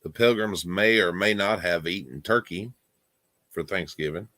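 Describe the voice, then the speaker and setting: Deep, bright-toned man rambling with fillers. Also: moderate pace, no room sound. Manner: rambling, hesitant with many fillers. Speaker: stream guest. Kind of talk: casual group chat on a live stream.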